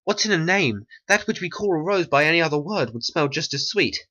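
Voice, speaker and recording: A man's voice: on the high side, lively intonation, brisk, bright, forceful tone, muffled recording. A man voicing a young lovestruck woman in a homemade stop-motion animation, speaking earnestly.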